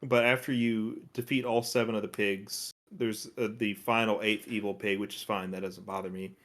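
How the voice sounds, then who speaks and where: Low-ish voiced guy on a games podcast, laid back, lots of uhs. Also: moderate pace. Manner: relaxed, thoughtful, lots of uh and fillers. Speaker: podcast co-host. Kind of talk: casual gaming chat.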